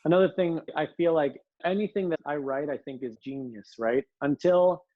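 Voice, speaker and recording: A man's voice: on the high side, moderate pace, phone-quality sound. A man hosting a podcast interview, chatty and agreeable. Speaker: podcast host. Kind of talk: casual interview.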